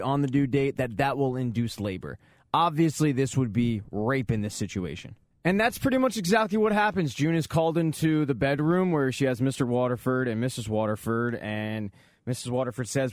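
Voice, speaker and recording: A man's voice: mid-range voice, a little mellow, dry recording, studio quality. A man casually recapping a TV drama season, sarcastic and candid, swearing now and then. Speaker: recap host.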